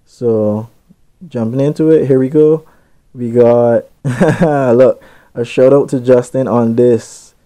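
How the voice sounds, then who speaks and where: A young man from Barbados hosting, reading out listener shout-outs in a laid-back, chatty way with little asides. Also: medium pitch, steady tone, slow. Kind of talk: casual chat.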